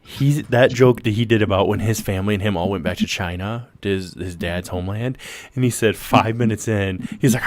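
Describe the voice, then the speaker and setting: A man's voice: lowish voice, a little fast. A man hosting a casual late-night livestream, goofy and laughing as he tells stories and sets up games. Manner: goofy, laughing, animated storytelling. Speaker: podcast host.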